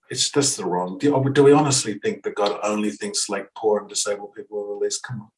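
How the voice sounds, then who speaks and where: An animated middle-aged man speaking to a church congregation. He tells a story, acts out the other people's lines in it, and falls back on loose fillers as he goes. His voice sits a little away from the mic, picked up in the chapel. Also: on the low side, brisk, hardly any pauses, far from the mic, low-quality recording. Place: church hall.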